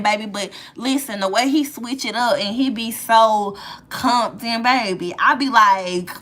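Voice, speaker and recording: Woman gushing on her livestream, bright forceful voice a bit high, playful and chatty with viewers. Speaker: livestream host. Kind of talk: casual live-stream chat to viewers.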